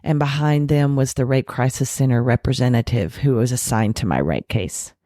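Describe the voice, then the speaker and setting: A woman with a notably deep voice recounts her past with blunt candor, animating the people she quotes. When she makes a point she slows and softens her delivery. The sound is dry and close, with no room around it. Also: no echo. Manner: frank, animated retelling with acted quotes and self-deprecating laughs. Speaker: podcast guest. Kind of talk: candid recovery storytelling.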